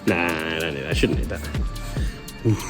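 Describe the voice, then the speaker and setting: A man hosting a casual workshop car vlog, excited and joking as he rattles off parts in quick bursts. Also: a bass voice. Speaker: car builder and channel host. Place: home garage workshop. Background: music.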